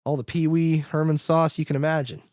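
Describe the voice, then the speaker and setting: A man's voice: a little high, flat delivery, a little fast, darkish tone, no room sound. A man hosting a podcast, recapping a film in rambling casual chat packed with "like" and acted-out quotes. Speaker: podcast host.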